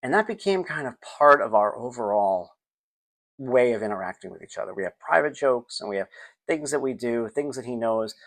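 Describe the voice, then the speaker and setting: This middle-aged podcast host, alone at the mic, shares stories about his son with lots of energy, playing out each scene and breaking into bits of song. His medium-pitched voice is creaky and moves at a moderate pace.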